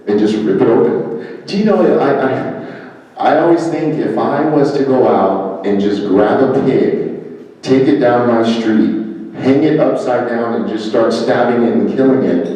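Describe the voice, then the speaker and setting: A man's voice: mid-range voice, mellow. A man running for office, giving a public talk and telling stories in a conversational way, acting out the people he quotes. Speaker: political candidate giving a talk. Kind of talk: public speech. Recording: echoey hall, mic far off.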